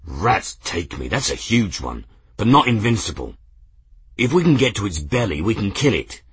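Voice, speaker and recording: A man voicing a blunt, gruff old naval commodore who grunts his words, in a storybook reading. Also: lowish voice, sing-song, moderate pace, a bit bright, no room sound, full character voice.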